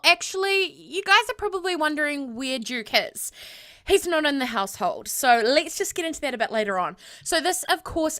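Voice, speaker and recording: A woman's voice: on the high side, pushed and bright. A young woman casually retelling the story of her game household, chatty and rambling, with many fillers. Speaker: gameplay vlogger.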